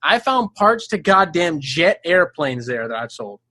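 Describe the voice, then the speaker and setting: High-voiced man telling a wild story. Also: measured pace, no echo, studio quality. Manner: animated, swears a lot, laughs mid-sentence. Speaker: podcast guest. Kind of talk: casual storytelling chat. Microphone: studio microphone.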